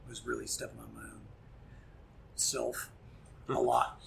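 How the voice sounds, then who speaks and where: A middle-aged man, a punk musician guest, telling a story in casual chat, animated and profane, acting out quoted dialogue. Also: fairly low pitch, a little slow, creaky, a little hiss or hum.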